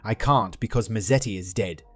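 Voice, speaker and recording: A man's voice: on the low side, normal speed, husky, dry recording, soft background music. A man reading the lines of an earnest, joking middle-aged husband in a dry, plain voice.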